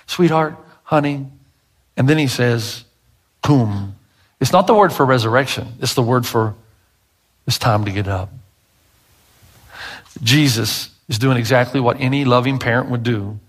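A middle-aged male pastor preaching a sermon, emphatic and dramatic, swinging between loud bursts and hushed asides. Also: medium pitch, moderate pace, long pauses.

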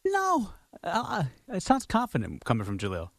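Fast-talking, animated radio co-host man. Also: mid-range voice, dry recording. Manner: quick, agreeable, chiming in. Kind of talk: casual sports talk. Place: radio studio. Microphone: studio mic.

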